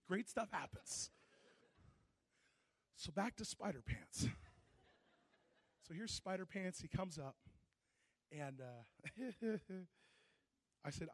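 Preacher guy, high voice, laughing thru his stories, dry close mic. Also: breathy edge, no echo. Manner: animated storytelling, bursts of laughter. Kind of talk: sermon. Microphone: handheld mic.

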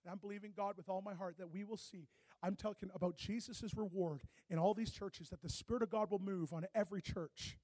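A man preaching a sermon, telling a personal story and acting out both sides of the dialogue, moving from hushed to loud. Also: sits high, steady tone, a little fast, dry recording.

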